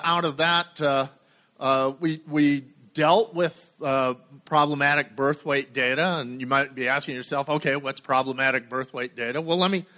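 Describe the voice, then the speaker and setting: A middle-aged man giving a technical conference talk, halting with many fillers and some dry humor. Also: fairly high pitch, pushed and bright. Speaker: conference speaker. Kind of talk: technical presentation.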